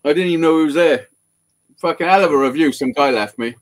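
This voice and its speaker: A man who repairs guitars, telling a story in casual live-show chat with lots of swearing and excitement. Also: a little high, fast.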